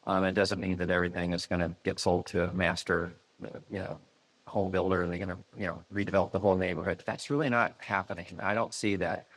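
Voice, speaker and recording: Measured man on a panel. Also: deep voice, little pitch movement, a bit bright, poor audio. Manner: measured, with frequent "you know" fillers. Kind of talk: panel discussion.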